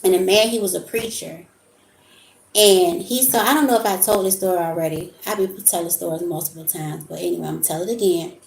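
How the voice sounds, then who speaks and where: A woman's voice: fairly low pitch, a little fast, gravelly, a little mellow, a little hiss or hum. A woman vlogger talking casually about spiritual topics in a rambling, storytelling way. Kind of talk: casual monologue. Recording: echoey room.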